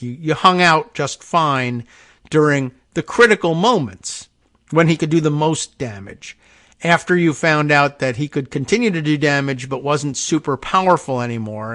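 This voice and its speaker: A man's voice: mid-range voice, a bit bright. A male podcast host talks through political news in a loose commentary monologue. His delivery is sarcastic and wry, with rambling asides.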